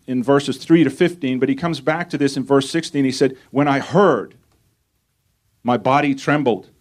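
A male pastor preaching a sermon, reading scripture aloud and putting rhetorical questions to his congregation. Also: medium pitch.

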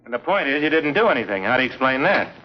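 Man doing a pushy needling investigator, rapid delivery, muffled old radio sound. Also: medium pitch, sing-song, natural voice. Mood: accusing. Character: hard-nosed male insurance investigator, accusing. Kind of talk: 1950s radio drama acting. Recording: dull lo-fi 1950s recording.

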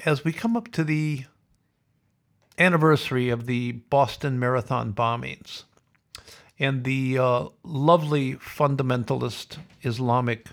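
A man hosting a podcast, delivering a sardonic, opinionated rant. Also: medium pitch. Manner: sardonic, ranting. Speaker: podcast host. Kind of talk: opinionated monologue.

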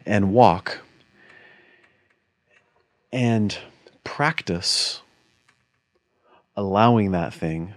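Male podcast co-host, low voice, animated storyteller, dry studio sound. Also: very slow, long pauses, dry recording. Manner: animated storyteller, acts out quoted dialogue. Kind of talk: casual conversation.

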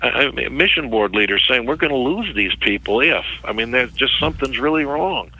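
A middle-aged man with a very bright, forceful voice tells a long story as an interview guest. He talks haltingly and often stumbles over and repeats words. The sound is dry and close. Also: medium pitch, animated, husky, no room sound, dull audio. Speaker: interview guest, ministry worker.

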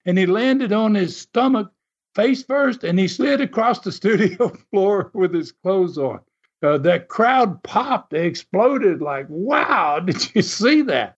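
Folksy guy telling stories, kinda high voice, chuckles a lot. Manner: animated, folksy, chuckles often. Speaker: storyteller recalling wrestling TV. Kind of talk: casual storytelling. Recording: dull lo-fi sound.

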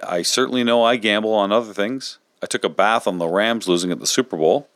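A man chatting on a podcast in an animated, talkative way, laughing easily. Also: lowish voice, brisk, dry recording. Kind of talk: casual podcast chat.

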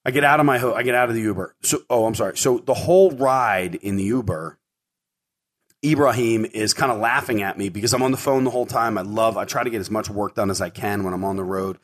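A middle-aged man with a fairly low voice hosts his own show and tells a story in a loose, rambling way. He fills his talk with ums and repeated words. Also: fast. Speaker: podcast host. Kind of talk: casual storytelling monologue.

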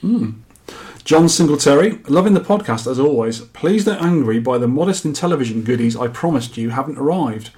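His voice is fairly high, expressive, a little fast, and darkish in tone. He hosts a podcast, chatting casually and reading out listener feedback with jokes he laughs at himself.

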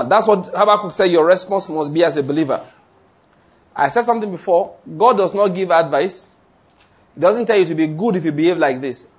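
A man preaches in a husky, rather high voice. He delivers his sermon in an animated way, joking and acting out scenes as he goes. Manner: animated preaching with humor and acted-out anecdotes. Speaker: pastor.

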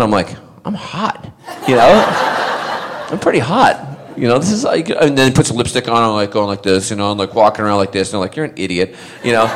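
A middle-aged actor spins a loose, meandering anecdote for a crowd of fans. He often breaks into laughter and trips over his own sentence starts. His pitch sits at an ordinary male level. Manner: rambling storyteller, laughs often, restarts sentences. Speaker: actor answering fan questions. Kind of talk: anecdotal convention Q&A.

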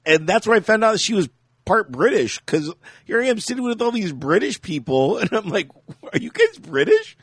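Lively, high-pitched chatty man. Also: fairly quick, slightly rough, dry recording, clean studio sound. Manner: rambling storyteller, laughs often. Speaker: podcast co-host. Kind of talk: casual chat.

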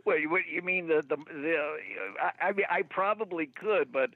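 Lively voice actor man on a phone line. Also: a little high, no room sound. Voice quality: animated, quick to laugh, voice actor. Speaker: voice actor guest. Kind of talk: relaxed interview storytelling. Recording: tinny phone line, dry.

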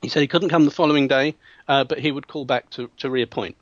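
A man, a hypnotherapist telling a client story in an interview, lively and acting out voices with frequent restarts. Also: medium pitch, fast, dry recording. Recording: dull, dry sound.

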